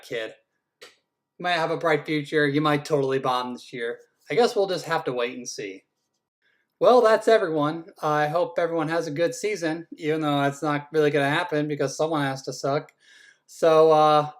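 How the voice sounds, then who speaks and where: The speaker is a man acting as fantasy football league commissioner, casually ribbing every team's draft choices and dropping the odd swear word. His voice is fairly high-pitched and a bit bright.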